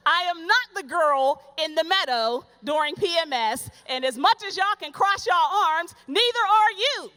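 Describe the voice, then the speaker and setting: A woman performing stand-up comedy on stage, telling a story in an animated, sassy way and acting out the dialogue. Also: sits high, normal speed, hardly any pauses. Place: stage before a live audience.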